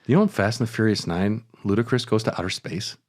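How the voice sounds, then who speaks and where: A man with a fairly low voice co-hosting a casual gaming podcast on a podcast mic. He drops dry jokes and pop-culture asides into his reading. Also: fast, darkish tone. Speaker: podcast co-host. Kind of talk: casual chat.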